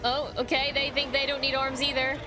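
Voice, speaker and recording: A woman's voice: high-pitched, flat delivery, fairly quick, over music. A woman streamer reacting to a cartoon show, blurting exclamations and swearing casually. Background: show soundtrack playing.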